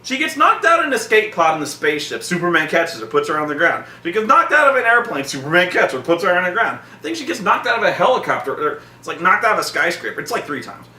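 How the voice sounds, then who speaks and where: A man hosting a casual chat about a film, excitable, rambling and profane. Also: high voice, fast talker, hardly any pauses, reverberant, far from the mic. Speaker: host.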